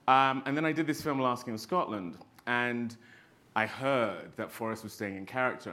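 Male actor panelist with a bright tone, expressive storyteller who laughs through his anecdotes. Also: mid-range voice. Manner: expressive, laughs often while telling stories. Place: panel stage.

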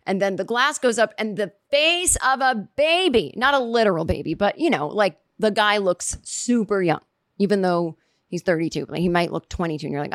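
A woman's voice: medium pitch, lively intonation, moderate pace, fairly bright tone, no echo. Woman rambling thru a funny story, jumps into little voices for what people say, dry mic. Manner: rambling, chatty, acts out quotes with vivid reactions. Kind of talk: casual comedic storytelling.

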